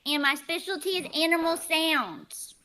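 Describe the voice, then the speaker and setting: Brief: woman plays a bright, high, chirpy oddball auditioner making animal noises on a video call. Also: animated, unhurried, heavily acted. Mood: eager. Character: odd, overeager small woman auditioning.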